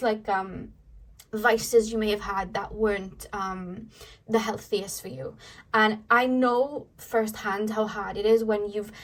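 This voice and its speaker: A woman giving a casual tarot reading to camera, rambling and earnest, full of fillers, her voice a little distant from the mic. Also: medium pitch. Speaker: tarot reader.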